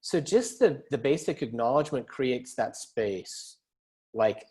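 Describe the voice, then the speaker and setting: A man's voice: medium pitch, lively intonation, unhurried, darkish tone. A man in his forties, a counselor, talking conversationally on a video-call panel and telling anecdotes with light laughs. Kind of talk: casual panel talk with storytelling.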